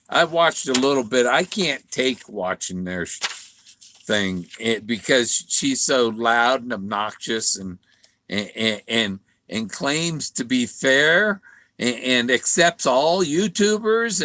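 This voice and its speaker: A man's voice: on the high side, pushed and bright, dry recording. A man rambling through a casual monologue, stumbling and repeating words, sometimes mimicking other voices. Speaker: vlogger.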